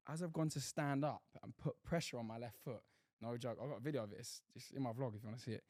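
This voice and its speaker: A man's voice: medium pitch, fast talker, dry recording, clean studio sound. A young man, telling stories in a casual podcast chat, full of slang and swearing. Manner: animated storytelling with slang and swearing. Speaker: podcast co-host.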